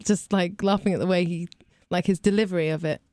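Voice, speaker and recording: A woman's voice: lowish voice, steady tone, brisk, heavy background noise. A British woman from England chatting as a singer guest on a radio morning show, giggly and loose with fillers. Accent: British English. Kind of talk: casual radio interview chat. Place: radio studio.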